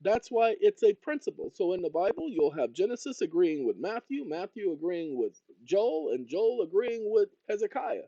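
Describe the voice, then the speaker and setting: A man's voice: high-pitched, sing-song, moderate pace, hardly any pauses, dark tone, slightly rough, no echo, lo-fi sound. A man hosting his own channel, talking straight to viewers in a rambling monologue with jokey asides. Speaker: channel host and consultant.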